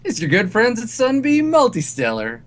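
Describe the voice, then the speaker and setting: A man's voice: very high-pitched, wildly swooping pitch, normal speed, fairly bright tone, pitched above the performer's own voice, exaggerated voice. A man voicing a corny cowboy in a corporate debt-collection message, folksy, drawling and falsely friendly.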